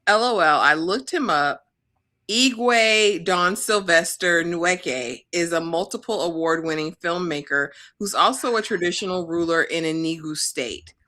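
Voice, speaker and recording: A woman's voice: lowish voice, measured pace, pushed and bright. A woman co-hosting a live recap, sharing gossip and reading out what she looked up.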